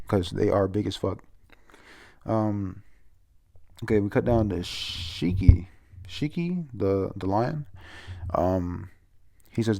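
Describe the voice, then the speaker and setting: A man's voice: on the low side, slow, vocal fry, pauses often, dark tone. A man casually recapping a manga chapter, rambling, swearing and stumbling over names.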